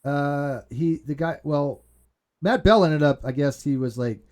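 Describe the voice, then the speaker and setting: A man's voice: on the high side, a little slow. A man hosting a casual group video call, rambling, swearing freely and telling stories with lots of restarts. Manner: rambling, profane, animated storyteller. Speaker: host.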